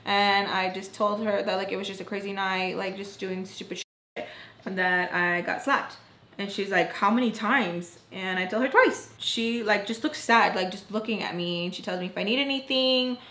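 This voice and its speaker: A woman's voice: medium pitch, moderate pace, sharp tone, roomy sound. A young woman telling a personal storytime in casual chat, quoting people and sighing now and then. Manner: chatty, quotes people in her own voice, sighs often. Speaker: storytime vlogger. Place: indoors, rain audible outside.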